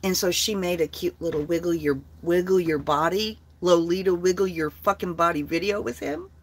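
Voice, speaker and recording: A woman's voice: fairly low pitch, moderate pace. A woman talking on her own livestream, blunt and heavily profane. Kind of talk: casual livestream talk.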